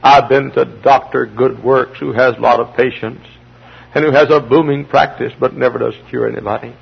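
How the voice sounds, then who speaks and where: Gravelly preacher shouting, then hushing. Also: male voice, mid-range voice, steady tone. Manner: swings from shouting peaks to hushed, slow pleas. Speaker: pastor. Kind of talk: fiery revival sermon. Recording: dull lo-fi archival sermon tape.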